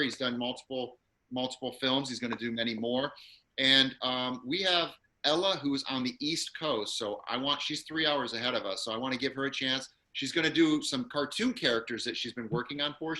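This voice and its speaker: Male acting-class host on a video call, very bright voice, encouraging, upbeat. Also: mid-range voice.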